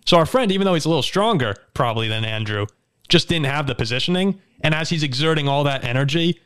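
A young man hosting a casual sports talk show, telling stories in a lively way, often laughing and restarting his sentences. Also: on the high side, quick pace, clean tone. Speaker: show host.

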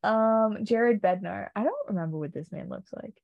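A woman's voice: mid-range voice, moderate pace, creaky, no room sound, phone-quality sound. Young woman co-host, casual and opinionated, dry close sound. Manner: chatty, opinionated, frequent ums and laughs. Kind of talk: casual chat.

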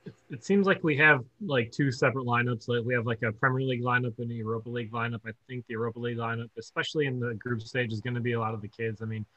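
A man co-hosting a casual football podcast, joking between quick asides. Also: medium pitch, steady tone, pushed and bright, no echo, highs cut off.

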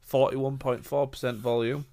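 A man's voice: medium pitch, flat delivery, moderate pace, darkish tone. Matter-of-fact English man, mid voice. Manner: matter-of-fact, sweary teasing. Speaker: podcast co-host. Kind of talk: casual banter.

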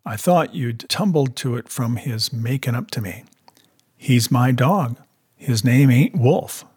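A man reading aloud voices a slow, plain-spoken Klondike dog-musher with dry humor and a husky tone. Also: medium pitch, lively intonation, darkish tone.

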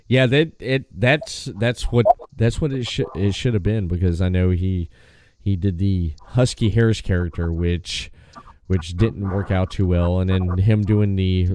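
A man's voice: low voice, a little hiss or hum. A man hosting a wrestling podcast, chatting casually and often restarting his phrases. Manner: relaxed, halting, restarts phrases. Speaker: podcast host.

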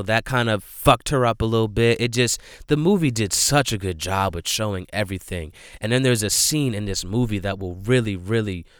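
In a mid-range, slightly bright voice with a clear, resonant tone, this movie reviewer walks through a film scene by scene. The studio-quality recording has no echo. He rambles casually, peppering his talk with "like" and "you know," and describes his feelings about the movie with earnest emphasis.

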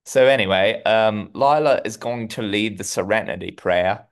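Low-voiced man casually recapping a show. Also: moderate pace. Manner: animated retelling with laughs and playful quotes. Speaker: podcast co-host.

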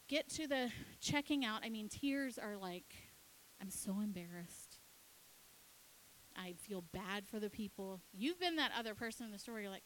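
A woman pastor preaching, telling a story with lively acted-out dialogue. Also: medium pitch, a little hiss or hum, low-quality recording. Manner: animated, acts out her kids and herself in quick dialogue. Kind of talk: sermon storytelling.

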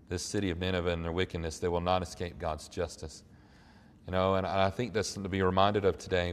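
A middle-aged man preaching a sermon. He talks earnestly, climbs to emphatic high points and then drops to quiet reflection. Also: long reverb tail. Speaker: pastor.

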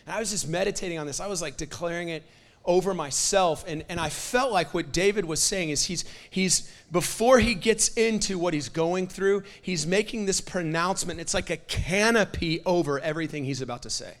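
A young man preaching with a high, bright voice. He speaks in a loose, conversational way, full of "like" and restarts, then rises into loud, fervent proclamations as he works himself up. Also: a little fast. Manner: impassioned, builds to loud prophetic declarations with fillers like "like". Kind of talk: sermon.

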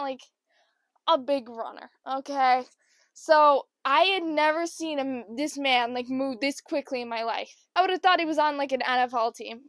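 Young woman, podcast host, high bright voice, casual animated storytelling, dry close sound. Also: no room sound. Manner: animated, acts out quoted people with changed voices.

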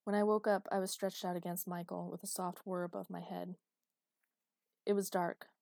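A woman narrating a first-person romance audiobook with steady, intimate storytelling. Her voice is low-pitched and mellow rather than bright. The recording is close and dry, with no room sound. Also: normal speed, gravelly, no room sound.

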